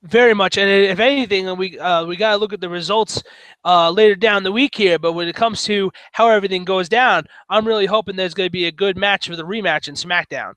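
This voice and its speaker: A man co-hosting a podcast, talking in an excitable, jokey way in casual chat. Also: sits high, brisk, no echo, poor audio. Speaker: podcast co-host.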